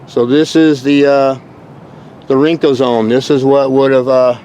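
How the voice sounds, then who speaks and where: Male vlogger, outdoor handheld narration on a shoreline, excitable rambling delivery, faint wind noise. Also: medium pitch, measured pace. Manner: rambling, exclamatory, bursts into whoops. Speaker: vlogger exploring rock formations. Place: rocky shore outdoors at low tide.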